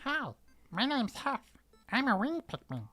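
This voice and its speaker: A man putting on a small, eager winged plant creature, speaking in a high, halting put-on voice for a voice-acting bit. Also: big pitch swings, pushed and bright, faint music behind, heavily acted. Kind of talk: voice-acting bit in an old clip.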